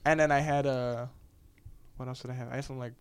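A man's voice: medium pitch, fairly even intonation, fairly quick, clean tone, no room sound. A young man from the United States, a podcast guest telling a long travel story in casual chat, laid-back, swearing freely and laughing often.

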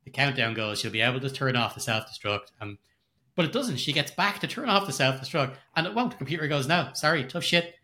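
A man with a bright, keen voice talks about a favorite film on a podcast. He rambles, restarting his sentences as his enthusiasm runs ahead of him. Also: medium pitch, fast. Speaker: podcast co-host. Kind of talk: casual film discussion.

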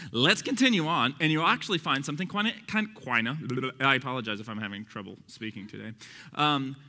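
A man's voice: medium pitch, bright, forceful tone. A man giving a casual Bible teaching in a conversational, chatty way, with restarts and asides. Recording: long reverb of a large hall.

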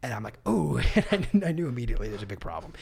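A man co-hosting a podcast, telling a story in a casual, animated, self-deprecating way and laughing often. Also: medium pitch, rapid-fire, breathy edge. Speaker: podcast co-host. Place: podcast studio.

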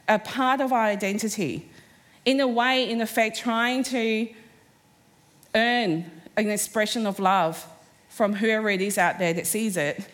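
A woman in her forties giving a personal storytelling talk to a live audience, lively, acting out the voices of people in her stories. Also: fairly high pitch. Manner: animated, acts out quoted voices. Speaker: speaker at a live event. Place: stage before a live audience.

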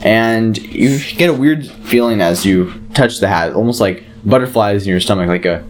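A man narrating a tabletop game as game master, relaxed, with fillers and restarts. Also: lowish voice, normal speed, a crowd in the background.

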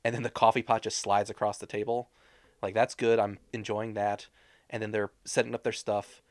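A man's voice: on the low side, flat delivery, normal speed, no room sound. Sardonic man ranting about a movie. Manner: sardonic, complaining rant. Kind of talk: casual movie discussion.

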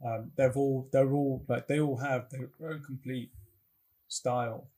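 A man's voice: medium pitch, steady tone, unhurried, crowd noise. A man with an English accent co-hosting a casual film podcast, rambling and restarting his sentences. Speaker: podcast co-host.

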